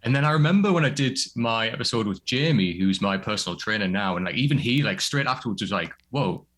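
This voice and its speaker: A man from Northern England, the usual host, now a guest in a podcast interview, talking quickly and rambling with lots of fillers. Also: lowish voice, animated, a bit bright. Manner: quick, rambling, lots of likes and you knows. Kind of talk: casual interview chat.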